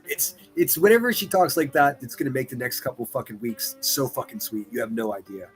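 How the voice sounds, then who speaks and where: A man hosting a livestream, reacting to clips with profane mockery, jumping from loud outbursts to muttered asides. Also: medium pitch, brisk, soft background music. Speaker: livestream commentator.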